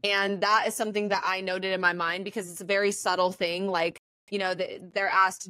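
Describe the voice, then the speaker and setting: A woman's voice: mid-range voice, level tone, brisk, hardly any pauses, bright, forceful tone, no room sound. A young woman, a co-host, going through her notes in a casual, methodical chat. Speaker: co-host, former contestant.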